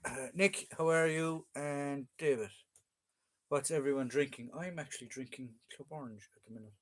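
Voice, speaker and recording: A man's voice: medium pitch, moderate pace, fairly bright tone. A man with an Irish accent, hosting a casual live chat, reading viewer comments and joking with frequent fillers. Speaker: livestream host.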